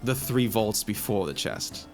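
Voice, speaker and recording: A man's voice: lowish voice, expressive, measured pace, faint music behind. A man running a tabletop game as dungeon master, explaining the rules with many restarts.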